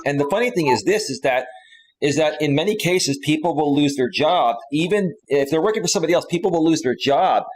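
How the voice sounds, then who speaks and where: A man in his forties from California, hosting a live stream panel in a rambling, animated way. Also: a little high, a little fast, slight background noise, poor audio. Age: 40s. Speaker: host.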